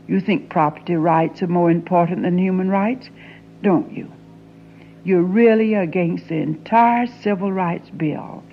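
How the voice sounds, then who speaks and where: A woman performing a dramatic monologue as an anguished young Southern woman confronting her father, intense and often sinking into a hushed whisper. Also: fairly low pitch, highs cut off, slight background noise.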